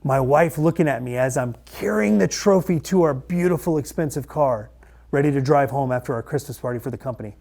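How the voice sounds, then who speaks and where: A man's voice: mid-range voice, brisk, vocal fry, darkish tone. A middle-aged man, a mortgage lender turned coach, telling his personal story to camera in an earnest, conversational way that repeats phrases for emphasis.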